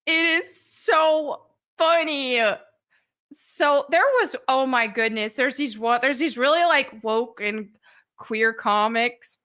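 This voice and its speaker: A woman's voice: sits high, slow pace, pushed and bright. A woman hosting a live stream in a casual chat, giggling often and mocking what she reads.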